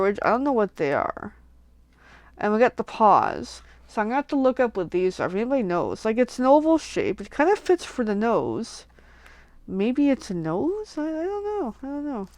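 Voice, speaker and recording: A woman crafter chatting casually while making cards, gushing with excitement and slipping into whispers over cute things. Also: sits high, moderate pace. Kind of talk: casual crafting livestream chat.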